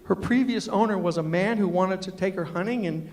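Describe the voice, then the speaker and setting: A man with a high-sitting voice speaks fairly quickly, delivering a humorous, storytelling speech at a university. A storyteller and motivational speaker, he's punchy and emphatic and acts out the lines he quotes. The university lecture hall is echoey, with long reverb.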